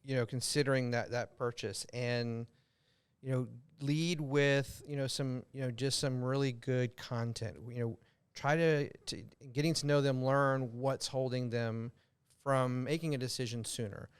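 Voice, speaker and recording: An American man hosting a podcast, giving advice in a loose, filler-heavy way that gets animated when he makes a point. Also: medium pitch, a little slow, clean tone. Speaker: podcast host, real estate coach. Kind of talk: casual podcast chat giving tips.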